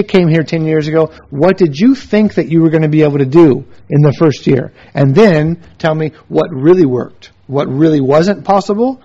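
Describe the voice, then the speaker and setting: A man's voice: a little high, warm tone. Emphatic man preaching, muffled recording. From United States. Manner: emphatic, repetitive lists of short phrases. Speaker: missionary teacher. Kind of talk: sermon-style teaching with stories. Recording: dull lo-fi recording.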